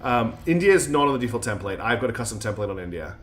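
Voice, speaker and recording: A man's voice: on the low side, very animated, quick pace, fairly bright tone. Chatty man with a mixed British accent. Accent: mixed British English with Scottish and Australian traces. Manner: thinks aloud, chatty, many fillers. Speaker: streamer. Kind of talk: live gameplay commentary.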